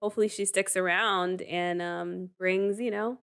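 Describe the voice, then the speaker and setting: A woman co-hosting a casual reality-TV reaction chat. She talks in an animated, chatty way, laughs often, and leans on "like" and "um". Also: fairly low pitch, normal speed, smooth. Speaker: co-host.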